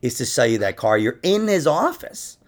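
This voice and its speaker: A man's voice: mid-range voice, big pitch swings, moderate pace. A young man hosting a podcast, chatting casually and cracking profane, jokey stories. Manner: profane, jokey storyteller who laughs at his own lines. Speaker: podcast host. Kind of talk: casual chat.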